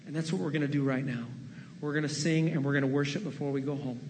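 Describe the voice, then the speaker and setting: A man preaching a sermon as pastor to his church, dramatic, moving between loud pleading and hushed, near-whispered lines. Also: a little high, steady tone, quick pace, long reverb tail, noisy background. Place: church sanctuary.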